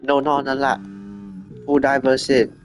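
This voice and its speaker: A man's voice: medium pitch, fairly even intonation, a little hiss or hum. Chatty man commentating a sim race. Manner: quick, chatty, corrects himself often. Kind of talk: live sim racing commentary.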